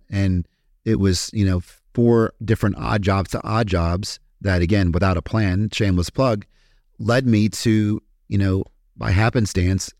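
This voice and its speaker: A man's voice: sits low, a little mellow, dry recording, clean studio sound. A man from Kentucky with a Kentucky accent, a podcast guest telling his story in a candid, profane, casual way with many fillers.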